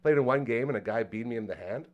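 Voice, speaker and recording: A man hosting a relaxed podcast who tells his stories with real animation. He swings into other voices for the quotes and keeps the chat loose and casual. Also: mid-range voice, quick pace, highs cut off. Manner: animated storyteller, acts out quotes. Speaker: podcast host.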